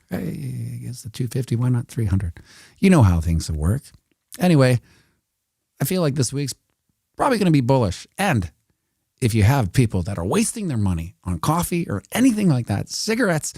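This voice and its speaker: A man's voice: mid-range voice, very animated, a little fast, warm tone, husky, dry recording, clean studio sound. A man giving casual, rambling commentary over a price chart, joking and talking to himself as he works the screen. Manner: rambling, talks to himself while working a chart; joking asides and mild swearing. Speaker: video host.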